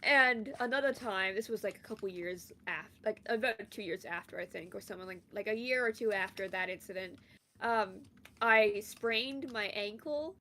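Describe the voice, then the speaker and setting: A woman's voice: mid-range voice, normal speed, sharp tone, slight background noise. A young woman from Canada telling a long rambling story in casual chat while gaming, full of fillers. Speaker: streamer.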